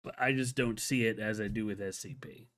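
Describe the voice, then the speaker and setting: A man's voice: lowish voice, fairly even intonation, fairly quick, a bit bright. A man hosting a solo live-stream show, chatting casually and enthusiastically, rambling with many restarts and filler words.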